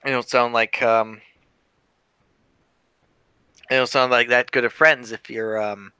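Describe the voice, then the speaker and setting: A man's voice: mid-range voice, little pitch movement, pushed and bright, smooth, dry recording, lightly acted. A man playing Charles, a weary reflective cop. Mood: musing. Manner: thoughtful, halting, with fillers. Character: male police detective, weary and reflective. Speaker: tabletop game player. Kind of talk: in-character tabletop role-play.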